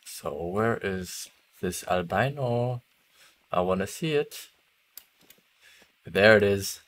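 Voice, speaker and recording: A man's voice: fairly low pitch, expressive, slow pace, a bit bright, slight background noise. A young man chatting casually while streaming a hunting game, laughing easily and trailing off mid-thought. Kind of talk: casual gaming chat.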